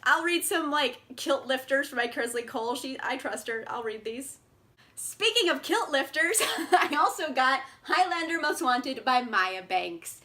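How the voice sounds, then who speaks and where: A woman's voice: sits high, animated, unhurried, sharp tone. A young woman chatting casually about books she picked up, bubbly and chatty, with lots of fillers and laughs, recorded indoors on a camera mic. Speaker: book vlogger. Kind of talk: casual book haul chat.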